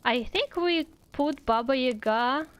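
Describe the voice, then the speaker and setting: A woman's voice: high voice, animated, slow pace, clear, resonant tone, no echo. A woman streamer with a Russian accent, reading fairy tales aloud and chatting casually, full of "like" and "you know". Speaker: VTuber streamer. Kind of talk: casual livestream chat and fairy-tale reading.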